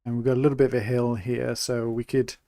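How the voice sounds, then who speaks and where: A young man from England talks through a live city-building stream in a relaxed, chatty way, thinking aloud as he builds. His voice sits at a middling pitch with a gravelly, fried edge. The sound is dry and close, with no room around it. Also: quick pace, no echo. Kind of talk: live gameplay commentary.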